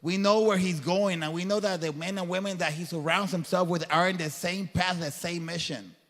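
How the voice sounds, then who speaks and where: A man's voice: high-pitched, fairly even intonation, normal speed, fairly bright tone. A man giving a guest talk to a live crowd, speaking in an earnest, preacher-like way with a colloquial turn of phrase. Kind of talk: motivational faith talk. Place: event hall before a crowd. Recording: long hall reverb.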